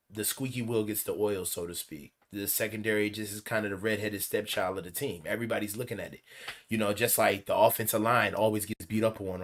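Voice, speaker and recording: A man co-hosting a casual sports talk show as the coach, rambling with halting restarts and bursts of excitement. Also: on the low side. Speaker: football coach co-host.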